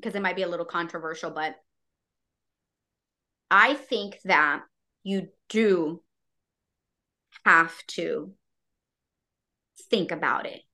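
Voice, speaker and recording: A woman talking candidly as a podcast guest, expressive and loose, full of filler words and acted-out quotes. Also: on the low side, slow pace, pauses often. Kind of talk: candid casual conversation.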